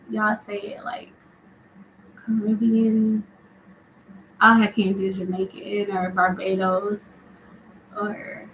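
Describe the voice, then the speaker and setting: A woman's voice: mid-range voice, a little hiss or hum, poor audio. A young woman hosting a live tarot stream, chatty and laughing often as she answers viewers. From United States. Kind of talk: casual live-stream chat.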